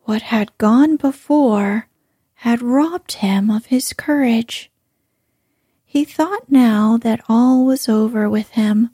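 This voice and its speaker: Slow, hushed woman reading a bedtime story. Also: fairly high pitch, no room sound, studio quality. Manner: slow, hushed, breathy delivery. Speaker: sleep story narrator.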